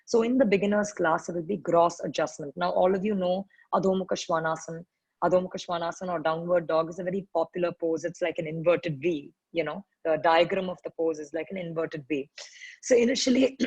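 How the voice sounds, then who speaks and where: A middle-aged woman with an Indian English accent explains yoga practice to new students over a video call. Her voice is low, slightly husky and cracking, and she keeps clearing her throat. The sound is dry, with little room around it. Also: darkish tone, dry recording, rough recording. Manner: earnest, explanatory, frequent self-corrections. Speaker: yoga teacher. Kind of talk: orientation talk for new students.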